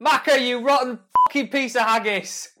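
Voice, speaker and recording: An actor playing a drunk, brash football manager who swears and shouts in a comedy sketch. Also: male voice, extremely high pitch, steady tone, moderate pace. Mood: belligerent.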